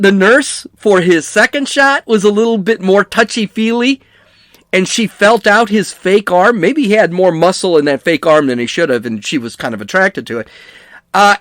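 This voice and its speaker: A man's voice: high-pitched, fairly bright tone, dry recording. A middle-aged man hosting a podcast, reading news and adding sarcastic asides with frequent restarts. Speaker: podcast host. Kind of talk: casual news commentary.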